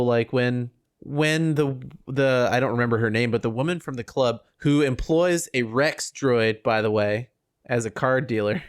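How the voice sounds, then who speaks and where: A man with a gravelly, rough-edged voice at an ordinary pitch, rambling through a casual podcast chat. He talks in animated bursts, breaking off and restarting his sentences. The sound is close and dry. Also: no room sound. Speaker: podcast co-host.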